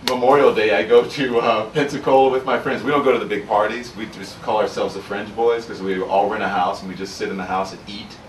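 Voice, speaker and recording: A man from Louisiana, an author at a book signing, tells his story to the audience candidly, earnestly and reflectively. His voice is fairly low and steady, a little fast, with hardly any pauses. The recording sounds roomy and distant, with faint ambience and a slight hiss or hum.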